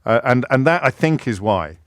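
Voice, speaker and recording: A man's voice: medium pitch, very animated, normal speed, dry recording. Talk radio host, English man, middle-aged, rambling and self-mocking, dry close sound. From England. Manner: rambling, self-deprecating, with many restarts. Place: radio studio. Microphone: studio microphone.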